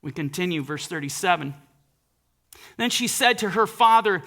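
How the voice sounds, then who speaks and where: A man's voice: sits high, expressive, moderate pace, pushed and bright. A male preacher giving a sermon in an earnest, emphatic way, often reading scripture aloud.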